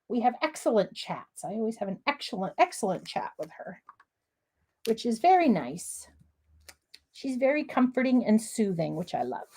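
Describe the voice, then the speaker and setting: A bubbly middle-aged woman from the United States chats through a live crafting demo, laughing often and calling out to her viewers. Her voice sits high and bounces up and down with lively swings. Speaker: craft livestream host.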